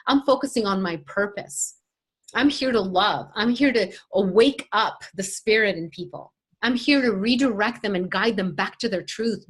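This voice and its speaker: A woman's voice: mid-range voice, husky. A woman life coach talking in an interview, emphatic and motivational, often acting out quoted voices.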